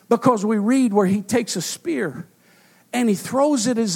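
A man preaching a sermon, rising to loud shouts and dropping to hushed tones, with frequent fillers. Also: sits high, moderate pace, creaky. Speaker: pastor.

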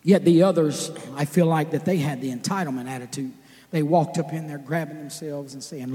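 A man preaching a sermon, emphatic, drawing out his words and then shouting for emphasis. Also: fairly high pitch, fairly even intonation, moderate pace, in a large hall.

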